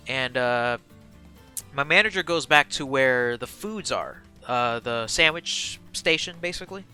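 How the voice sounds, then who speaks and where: Bright, excitable young man telling a story. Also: a little high, smooth. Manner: animated, excitable, swings from mumbling asides to loud bursts; slangy and profane, full of fillers. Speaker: streamer. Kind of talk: casual storytelling to a live chat.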